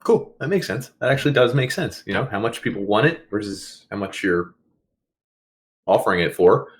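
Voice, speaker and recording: A man co-hosting a podcast, his slightly low voice swinging widely in pitch as he jokes around. He keeps the chat casual and playful and fires off questions. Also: expressive, normal speed. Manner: playful, jokey, asks lots of questions. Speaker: podcast co-host.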